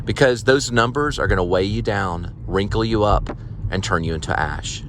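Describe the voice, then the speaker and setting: Guy with a lowish voice rambling from his car while doing deliveries, gets all preachy, loud road noise behind him. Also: moderate pace. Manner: rambling, turns preachy and exhorting. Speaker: vlogger and food delivery driver. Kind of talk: rambling casual monologue.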